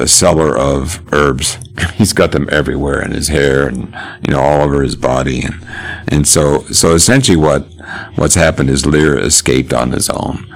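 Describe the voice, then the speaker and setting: A man gives a casual literature lecture, talking in a chatty, halting way with frequent chuckles. His voice is extremely low and full of gravelly fry. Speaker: literature teacher.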